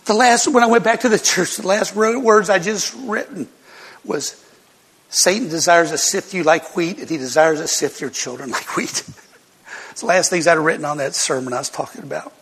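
An older male pastor preaches a heartfelt testimony in a high, gravelly, husky voice. He tells his story with strong emotion and keeps breaking into short laughs. The sound carries a long echo from the hall. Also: moderate pace, fairly bright tone. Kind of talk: personal testimony sermon.

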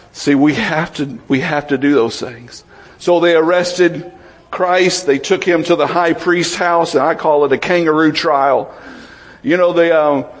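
The speaker is a man giving a sermon in an informal, conversational manner, his voice a little high. He questions the congregation and dramatizes voices from the Bible.

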